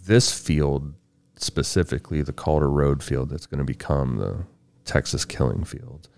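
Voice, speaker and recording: A man hosting a podcast, narrating true crime case details in a measured, matter-of-fact way. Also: a bass voice, vocal fry, darkish tone. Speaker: podcast host.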